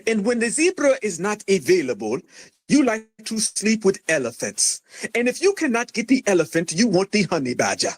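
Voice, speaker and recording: American guy hosting a stream, high voice, mocking and taunting nonstop. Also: big pitch swings. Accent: American English. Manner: mocking, taunting, loud and rapid insults. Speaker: livestream host. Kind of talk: heated livestream argument.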